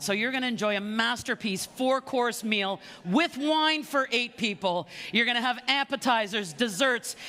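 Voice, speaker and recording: A woman works a crowd as a charity auctioneer, her bright voice ringing through a large event hall. She coaxes and teases the bidders with lively energy, and a long reverb trails each phrase. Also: a little high. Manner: energetic, coaxing and teasing bidders. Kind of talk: live auction calling.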